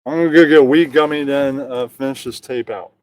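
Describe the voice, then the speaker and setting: A man's voice: mid-range voice, brisk, no room sound. A man hosting casual comedic banter, ribbing others in a mocking, profane way.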